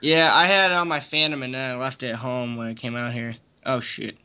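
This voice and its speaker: A young man guests on a hunting podcast, rambling easily and saying "dude" often. His voice has a bright, forceful edge. The sound is dull and lo-fi. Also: mid-range voice, fairly even intonation, a little fast, clear, resonant tone. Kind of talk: casual chat. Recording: dull lo-fi audio.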